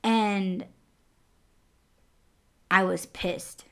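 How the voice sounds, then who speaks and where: Speaking very slowly in a gravelly, mid-range voice, a young adult woman hosts a podcast and recounts a personal story. She's candid, profane and casual, with lively swings in loudness.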